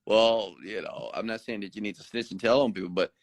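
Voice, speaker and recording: Speaking briskly on a dry recording, this Houston motivational host launches into a preachy late-night rant. He hammers points home through repetition, and his voice jumps high in sudden bursts whenever he imitates others.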